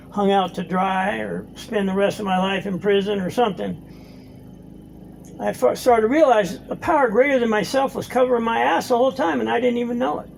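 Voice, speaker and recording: A man's voice: high voice, creaky, slight background noise, rough recording. A middle-aged man telling his recovery story at a meeting, blunt and profane, acting out both sides of the conversations he recalls. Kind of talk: personal story talk. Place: meeting room.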